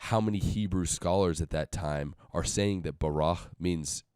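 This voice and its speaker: A man in a casual podcast discussion, laying out an argument in a measured, step-by-step way. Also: low-pitched, a little mellow, smooth, no room sound, clean studio sound.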